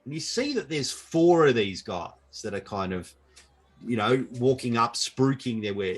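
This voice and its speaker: A man's voice: fairly low pitch, lively intonation, moderate pace, husky. A man narrating a tabletop game as game master, describing the scene with frequent fillers over an online call.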